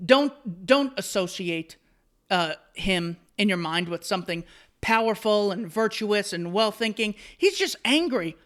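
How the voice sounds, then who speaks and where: A man's voice: high-pitched, a little slow, a bit bright. A man hosting solo commentary, reading out an article and answering it with sarcastic, mocking asides. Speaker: commentary host.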